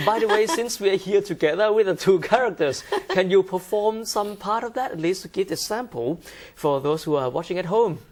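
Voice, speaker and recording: A woman's voice: medium pitch, lively intonation, moderate pace, hardly any pauses, a little mellow. A woman hosting an interview who prompts her guests with curious, encouraging questions. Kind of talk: hosting a talk show interview.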